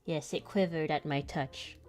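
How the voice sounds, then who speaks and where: This young woman's voice sits lowish with a darkish tone as she draws and rambles through a travel story. A comic artist and channel host, she keeps it casual and laughs often between sentences.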